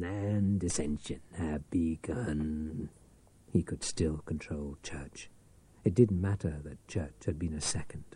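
A man narrating a novel in a measured, dramatic storytelling manner. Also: a bass voice, dark tone, slightly rough. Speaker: audiobook narrator. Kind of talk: scripted narration.

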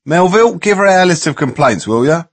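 A man voicing a cynical, brisk shop steward with a challenging manner, in a storybook reading. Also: on the high side, big pitch swings, breathy edge, no echo, voice pushed up.

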